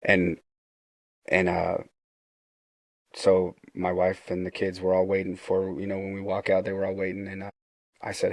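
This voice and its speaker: Gravelly low-voiced man telling a story. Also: monotone, moderate pace, pauses often, no echo. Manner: earnest, retelling dialogue with frequent restarts. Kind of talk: casual storytelling.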